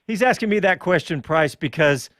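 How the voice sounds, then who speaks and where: A chatty male show host leads a casual motorsport conversation with a lively, swooping delivery. His voice sits a bit high, and the recording is dry and close. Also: normal speed, dry recording. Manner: animated and chatty, laughs often.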